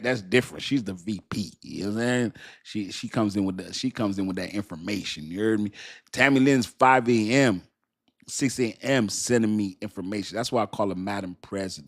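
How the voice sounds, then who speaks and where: Brief: middle-aged male livestream host, slightly low voice, relaxed chatty delivery full of laughs and shout-outs. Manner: laughs often, shouts out viewers. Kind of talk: casual livestream chat.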